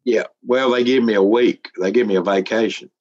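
A man's voice: fairly low pitch, steady tone, a little fast, background noise. A middle-aged man, telling a story in casual, folksy talk, chuckling often and sometimes close to tears. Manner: folksy, chuckling, gets emotional. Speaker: interviewee. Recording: slightly muffled recording.

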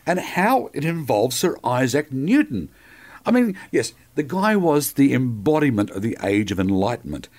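A middle-aged Australian man co-hosting a casual history podcast, telling stories in a jokey, animated way. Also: medium pitch. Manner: animated storyteller, jokey, says mate often. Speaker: podcast co-host.

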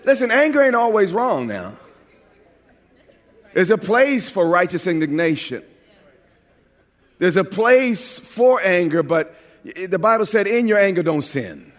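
A man's voice: high-pitched, big pitch swings, a little slow, long pauses. A pastor from New York preaching a sermon in a conversational, joking way, often restarting his phrases. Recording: long hall reverb.

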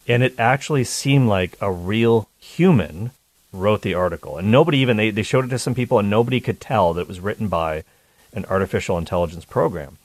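A man's voice: on the low side, a little fast, no room sound. A man hosting a call-in radio talk show, chatty and joking with his listeners. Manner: chatty, jokey, upbeat.

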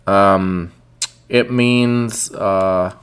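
A host in casual chat who reads song lyrics slowly aloud and sometimes breaks into singing them. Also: low-pitched, fairly even intonation, clear, resonant tone.

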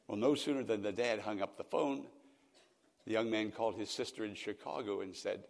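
An older man pastor delivers a radio sermon in a folksy storytelling way. He swells into emphatic, loud peaks. His voice carries the long reverb of a church hall. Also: on the low side, expressive, moderate pace, creaky.

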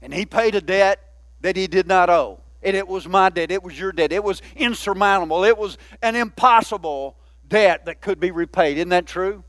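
High-voiced man preaching a folksy sermon. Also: normal speed, a bit bright, dry recording. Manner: folksy, conversational preaching with many asides. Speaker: pastor.

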